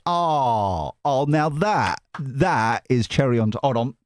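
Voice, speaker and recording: A man's voice: medium pitch, big pitch swings, normal speed, few pauses, a little mellow, no echo. A man hosting a tarot channel, chatting casually to camera in a rambling, jokey way that keeps interrupting itself. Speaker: tarot reader and channel host.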